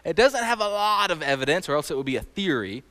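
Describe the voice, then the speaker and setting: Man, sermon, animated, talks to the crowd, slightly high pitch, reverberant hall. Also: fast talker. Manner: animated, conversational, quizzes the audience. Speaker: teacher.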